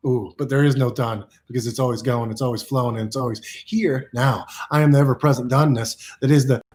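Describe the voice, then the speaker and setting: A man's voice: medium pitch, fairly even intonation, quick pace, a little mellow. A man giving playful, repetitive self-help affirmations to camera, exuberant and goofy, laughing often.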